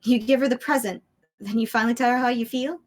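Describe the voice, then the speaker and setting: A woman's voice: fairly high pitch, steady tone, fast talker, close to an everyday voice. A woman voicing a playful, affectionate big sister, reading game dialogue in a teasing way. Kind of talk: reading visual novel lines aloud.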